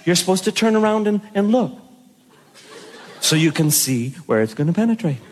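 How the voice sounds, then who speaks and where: Man, stand-up comedian, animated storytelling, high voice, noisy recording. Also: moderate pace. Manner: animated storytelling with bursts of shouting. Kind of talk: stand-up routine.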